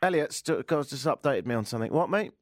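Lively, sarcastic radio host. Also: male voice, mid-range voice, fast talker, no echo, clean studio sound. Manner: sarcastic, self-mocking rants with mimicked chants. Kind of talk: comic radio talk. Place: radio studio.

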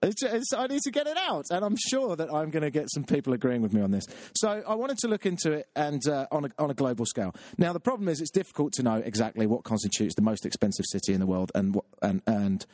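A man's voice: big pitch swings, quick pace, few pauses, darkish tone, no echo, studio quality. Exasperated British man ranting on his show. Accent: British English. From Britain. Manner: exasperated, self-mocking, jumps into a high squeaky voice when riled. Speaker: show host. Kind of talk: comic monologue rant. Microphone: webcam setup.

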